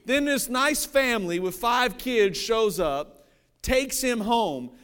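A man's voice: extremely high pitch, animated, slow pace, fairly bright tone, smooth. A man from Cincinnati, Ohio, preaching a sermon in a conversational, joking way and often checking that the audience follows along. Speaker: pastor.

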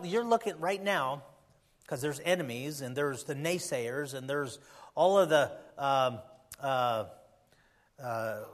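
A man with a notably high voice delivers a church sermon as its pastor. He swings between hushed asides and loud, emphatic peaks, stretching out the phrases he wants to land. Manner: emphatic preaching, swings from soft to loud, slows on key phrases.

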